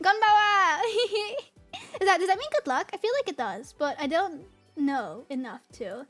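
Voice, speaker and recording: A woman streaming as a VTuber, chatting casually with viewers in an excitable, giggly, rambling way full of restarts. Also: sits high, moderate pace, faint music behind.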